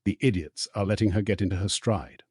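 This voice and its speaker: A man's voice: on the low side, brisk, darkish tone, husky, no room sound, studio quality. A man voicing a chatty, knowing teenage boy. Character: joking teenage boy, the other twin.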